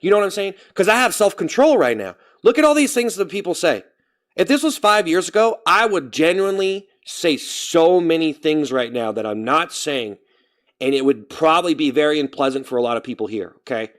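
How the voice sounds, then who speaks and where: A man with a fairly high voice rambles through a casual live stream, talking straight to his chat. He keeps tripping over his words, restarting and correcting himself before he finishes a thought. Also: animated, fairly quick. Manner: talks straight to chat, reading out names.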